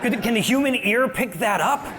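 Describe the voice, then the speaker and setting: A man's voice: extremely high pitch, animated, normal speed, crowd noise. A man giving a joking, self-deprecating stand-up style talk from a live stage as a guest speaker. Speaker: guest speaker, activist and podcaster. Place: live stage before an audience.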